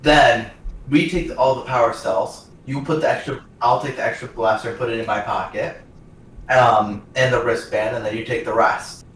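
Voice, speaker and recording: A man's voice: medium pitch, fairly even intonation, normal speed, fairly bright tone. A man playing a tabletop game, plotting schemes hesitantly with many fillers. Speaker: player. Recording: very echoey room, far from mic, faint noise.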